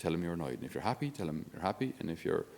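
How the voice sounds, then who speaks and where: Deep-ish guy, catholic priest doing a relaxed podcast talk, jokes at himself a bit, sounds like a big echoey room. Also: racing, creaky. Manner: conversational, down-to-earth, self-deprecating humor. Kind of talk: informal spiritual podcast talk.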